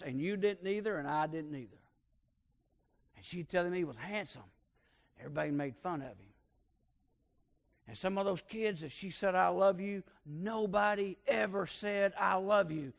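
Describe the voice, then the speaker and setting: Preacher man telling a down-home story, kinda high voice, goes quiet then loud. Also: vocal fry. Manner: folksy, swings between hushed and loud emphasis. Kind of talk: sermon storytelling.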